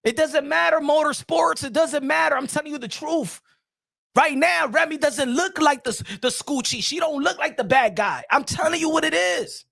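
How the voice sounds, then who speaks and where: A man hosting a boxing commentary channel, preaching loudly and repeating his points straight at the person he is talking about. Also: very high-pitched, moderate pace, vocal fry, no echo, clean studio sound. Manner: loud, preachy, repeats himself, addresses the subject directly. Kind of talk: emphatic boxing commentary vlog.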